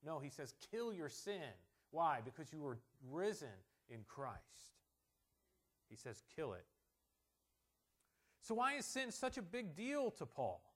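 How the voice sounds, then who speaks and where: A male pastor preaching a sermon, pressing his points with strong emphasis and dropping into quiet, joking asides. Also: a little high, big pitch swings, takes it slowly, long pauses. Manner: emphatic, swings from soft asides to loud stressed points.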